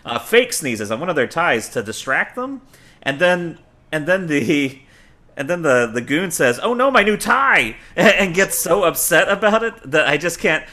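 A man's voice: on the high side, sing-song, normal speed, bright, forceful tone. A man hosting a podcast, chatting casually and telling stories with enthusiasm and laughter. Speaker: podcast host. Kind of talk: casual chat.

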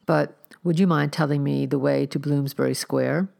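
A woman doing a soft, mysterious young gentleman. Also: sits low, steady tone, moderate pace, creaky. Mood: polite.

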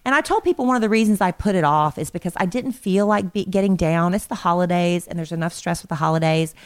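A woman co-hosting a podcast with her husband, telling their story in a relaxed, chatty way. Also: fairly low pitch, quick pace, clean tone. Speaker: podcast co-host. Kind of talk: casual chat.

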